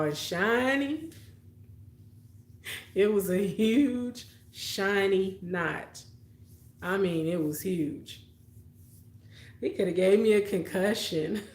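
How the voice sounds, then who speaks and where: A young adult woman, telling childhood stories and chatting with viewers on a late-night live stream, laughing often. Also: medium pitch. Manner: laughs often, storytelling, reads viewer comments. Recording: echoey room.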